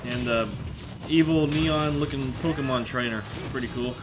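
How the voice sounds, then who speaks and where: A man's voice: mid-range voice, normal speed. Chatty gamer man over game music. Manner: chatty and rambling, with bursts of yelling at the game. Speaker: let's play commentator. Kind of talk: casual gameplay commentary. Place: apartment room at home with thin walls. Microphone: desk microphone. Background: video game music.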